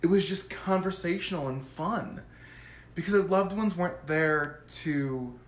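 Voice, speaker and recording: A man who works as a psychic medium, explaining his work to camera in a goofy, animated way. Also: on the high side, unhurried, reverberant. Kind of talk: casual talk to camera.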